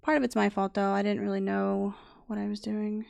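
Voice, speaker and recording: A woman's voice: mid-range voice, little pitch movement, a little fast, creaky, a little mellow, a little hiss or hum. A young adult woman streaming a game, chatting casually, muttering to herself and scolding the game's animals. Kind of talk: casual gameplay chat.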